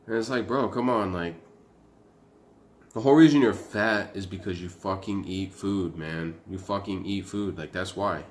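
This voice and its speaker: A man's voice: low-pitched, normal speed. A young man ranting bluntly to camera in a casual vlog, rambling and swearing with frequent fillers. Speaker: vlogger.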